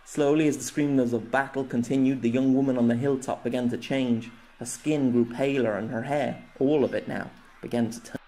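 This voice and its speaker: A man's voice: medium pitch, steady tone, normal speed, hardly any pauses, mellow. A man narrating his own fantasy novella as an audiobook, telling it dramatically. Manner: dramatic storytelling, voicing characters. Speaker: narrator and author.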